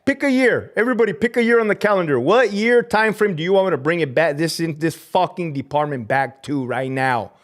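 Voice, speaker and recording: A man's voice: animated, a little fast, few pauses. Swearing man ranting on a live stream. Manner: swings from loud outbursts to low muttering, heavy swearing. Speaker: livestreamer and prison officer. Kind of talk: profane live-stream rant.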